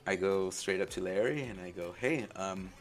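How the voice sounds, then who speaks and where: Male podcast host, very low voice, halting and openly emotional storytelling. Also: faint music behind. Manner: halting, full of "like" and "um" fillers. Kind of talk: personal storytelling.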